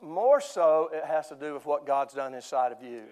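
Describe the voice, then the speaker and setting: A man's voice: fairly high pitch, lively intonation, moderate pace, a little mellow. An older man preaching a sermon in church, telling jokes and chuckling often. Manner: joking storyteller, chuckling often. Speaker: pastor.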